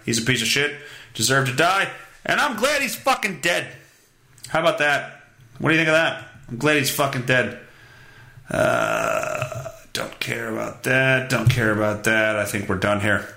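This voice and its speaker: A man hosting a solo podcast, reading headlines with crude, profane sarcasm. His voice is bright and gravelly with a lively pitch. The sound is roomy and echoey. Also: normal speed. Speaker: podcast host. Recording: echoey room.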